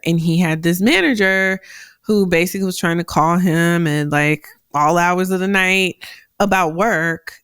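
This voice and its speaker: A woman hosting a career advice podcast, talking directly with a deep voice that carries, animated and quick to laugh. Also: clean tone, no echo, clean studio sound. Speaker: podcast host.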